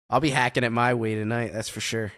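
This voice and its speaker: A man's voice: medium pitch, flat delivery, moderate pace, a bit bright. Wry man in his thirties hosting. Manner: wry, chiding, self-deprecating. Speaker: podcast host. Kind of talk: casual chat.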